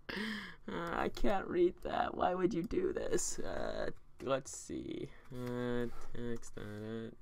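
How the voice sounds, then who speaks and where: A young man hosting a fan video, giving a mock-dramatic reading of a bad fanfic in a deadpan voice and laughing at the absurd parts. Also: medium pitch, slow, creaky, no echo.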